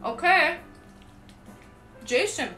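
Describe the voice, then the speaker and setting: A woman's voice: high-pitched, animated, extremely slow, bright, forceful tone. Chatty woman streamer, faint music behind. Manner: chatty, talks straight to viewers. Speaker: live streamer. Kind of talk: casual livestream chat.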